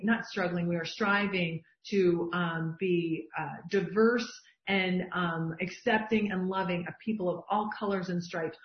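A middle-aged woman leading an online group coaching session, talking with emphatic enthusiasm as she reads from shared lists. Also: on the low side. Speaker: business coach. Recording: dull, roomy video-call audio.

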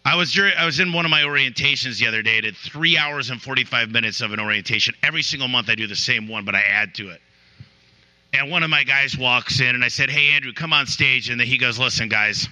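A man's voice: mid-range voice, fast, pushed and bright, poor audio. A man giving a motivational talk to a room, telling stories and often restarting his sentences. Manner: storytelling with repeated restarts. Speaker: business owner giving a talk. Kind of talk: motivational speech. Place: room with an audience.

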